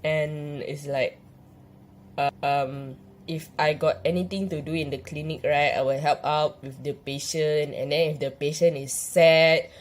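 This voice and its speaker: A young Malaysian woman with a notably low, deep voice tells her own story in a relaxed personal vlog. She speaks in a Malaysian English accent and rambles earnestly, circling back with plenty of fillers and restarts. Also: a little slow, a little hiss or hum. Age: young adult. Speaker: vlogger sharing her epilepsy experience.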